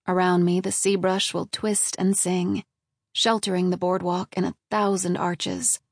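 A woman with a medium-pitched voice gives an even, measured reading of a scripted audiobook. There is no room sound, and the audio is studio quality.

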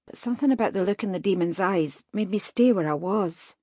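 A woman narrating a first-person fantasy audiobook in a tense, even storytelling manner. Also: medium pitch, brisk, breathy edge, dry recording, clean studio sound.

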